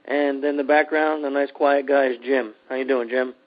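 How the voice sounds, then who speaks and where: A man's voice: mid-range voice, fairly even intonation, moderate pace, phone-quality sound. A man hosting a podcast in casual chat, loose and joking, with many fillers. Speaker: podcast host.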